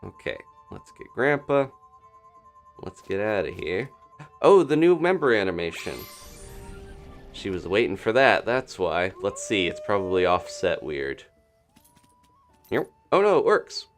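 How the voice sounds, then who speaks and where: A man casually commentating his own gameplay on a live stream, chatting and thinking aloud with quick little laughs. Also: on the low side, big pitch swings, soft background music. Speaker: gaming streamer.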